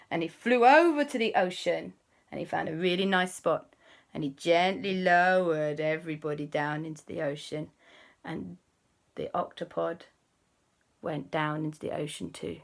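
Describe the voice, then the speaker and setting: A woman hosting a children's show, telling a story in a lively, animated way with gasps and sound effects. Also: on the low side, normal speed.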